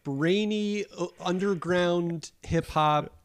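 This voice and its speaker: A man's voice: high-pitched, takes it slowly, smooth, no room sound, clean studio sound. A man hosting a cooking podcast, talking in a rambling, enthusiastic way that often breaks off and restarts. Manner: rambling, enthusiastic, self-interrupting. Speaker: podcast host. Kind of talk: casual podcast chat.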